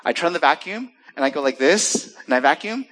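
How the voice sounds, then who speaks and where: A man's voice: fairly high pitch, expressive, a little fast, fairly bright tone. A middle-aged American man preaching a sermon as pastor, asking his listeners rhetorical questions and mixing in jokes. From United States. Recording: long hall reverb.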